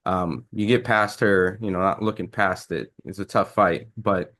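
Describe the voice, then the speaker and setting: A man's voice: low-pitched, steady tone, a little slow, fairly bright tone. A man interviewing a fighter, asking long, hesitant questions full of "um" and restarts.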